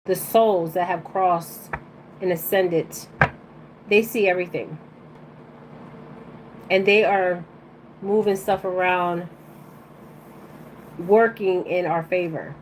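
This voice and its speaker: A woman's voice: lowish voice, steady tone, slow, pauses often, a little hiss or hum, poor audio. A woman giving a live-streamed oracle card reading to her viewers. She rambles bluntly in casual slang and keeps checking in with "okay?".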